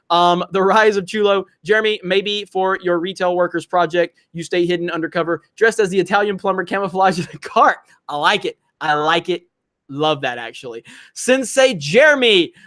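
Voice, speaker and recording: A man's voice: sits high, normal speed, fairly bright tone. A man hosting a casual livestream, telling profane stories and reading out viewer messages. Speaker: livestream host.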